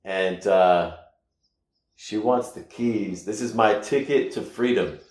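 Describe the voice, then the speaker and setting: Rambling, animated man in an echoey room. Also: lowish voice. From United States. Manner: rambling, animated, with halting restarts and loud bursts. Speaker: storyteller. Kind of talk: personal story told casually.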